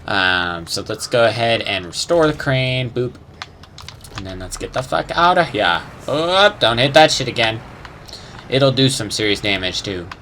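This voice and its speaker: A young gamer chats casually over his play in a mid-range voice with big pitch swings, a little slow, pushed and bright, with slight background noise. He rambles uncertainly, swears now and then, and hums little sound effects.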